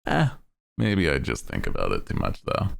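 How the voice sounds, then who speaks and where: A man's voice: rumbling low, huge pitch swings, normal speed, creaky. A man chatting casually while livestreaming a game, rambling playfully and laughing often. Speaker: game streamer.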